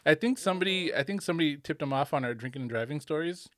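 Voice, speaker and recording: A man's voice: on the high side, animated, very fast, fairly bright tone, no room sound. A man co-hosting a podcast in casual chat, joking and teasing and laughing often. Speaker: podcast co-host.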